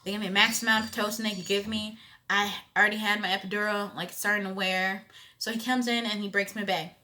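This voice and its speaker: Bright-voiced woman telling a storytime vlog. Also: medium pitch, fast talker, a little hiss or hum. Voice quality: expressive, conversational, loud emphatic bursts. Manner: animated storytelling with frequent "you know what I'm saying". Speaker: vlogger.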